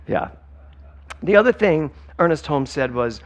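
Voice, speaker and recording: A man's voice: on the high side, animated, unhurried. A man giving a sermon as a spiritual director, emphatic and conversational, talking straight to the congregation. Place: church sanctuary.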